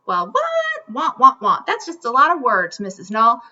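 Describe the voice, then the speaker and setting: A woman voicing a whiny young student protesting to the teacher in a high, exaggerated tone. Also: huge pitch swings, moderate pace, sharp tone, far from the mic, highs cut off, exaggerated voice. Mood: whining.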